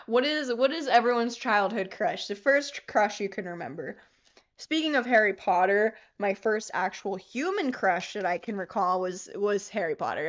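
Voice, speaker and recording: A woman's voice: mid-range voice, dull audio. A young woman hosting a casual livestream, giggling often, swearing freely and reading viewer comments aloud as she works on a craft. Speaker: livestream host.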